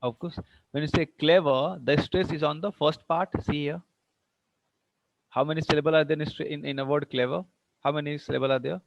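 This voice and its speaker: A man's voice: on the high side, steady tone, fairly quick, gravelly, background noise. A man teaching a class, repeating points and often asking whether students are following. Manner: keeps checking understanding with questions; repeats and restarts to stress a point. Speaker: English teacher. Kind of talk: classroom lecture on word stress. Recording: dull dry lo-fi recording.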